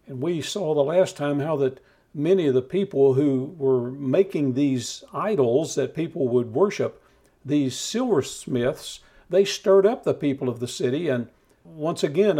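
A man preaching a steady, measured Bible teaching, talking the listener through scripture. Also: a little high, slightly rough. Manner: calm measured teaching with occasional restarts.

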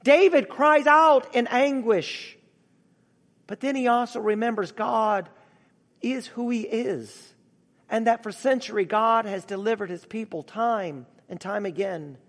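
Slow, high-voiced preaching man in hall. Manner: slow, earnest preaching with emphatic rises. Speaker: pastor. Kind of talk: sermon.

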